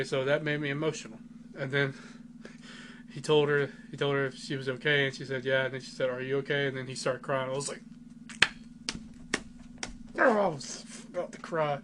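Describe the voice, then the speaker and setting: A man chats on a casual podcast, rambling and enthusiastic, with plenty of "like" in his speech. His pitch sits mid-range for a man. A steady hiss sits under the recording. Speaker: podcast co-host. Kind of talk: casual chat. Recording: noisy home recording.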